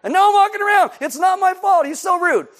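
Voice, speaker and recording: A self-pitying grown man whines in a high, strained voice that keeps climbing, insisting nothing is his fault, as a preacher puts him on. The complaining is exaggerated for laughs, with every line pitched well above a normal speaking voice. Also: animated, fast, a bit bright. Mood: whiny. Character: whiny healed man, self-pitying adult male.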